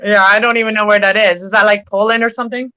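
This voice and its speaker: Bright-voiced chatty woman, lo-fi sound. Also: medium pitch, fairly even intonation, fast, no echo. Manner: chatty, laughs often. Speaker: live stream host. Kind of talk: casual chat. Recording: dull lo-fi dry sound.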